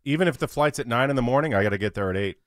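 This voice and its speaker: A man's voice: mid-range voice, expressive, very fast, no echo. Guy on morning radio, sarcastic one-liners, dry close mic. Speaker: radio show co-host.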